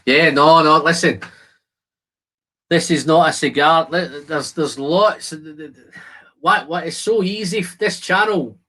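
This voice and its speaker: Bright and pushed, his voice sits a little high and moves at a measured pace. As host of a whisky channel, he chats casually with viewers on a live stream, answers their comments, and describes the aromas as he tastes.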